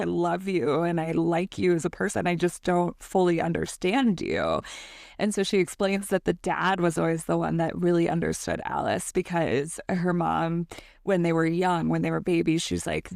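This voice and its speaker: Woman, fairly low voice, casual book recap, acts out quotes, swears, dry close sound. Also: creaky, a little mellow, no room sound. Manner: retells scenes with acted-out quotes, swears freely. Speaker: book podcast co-host.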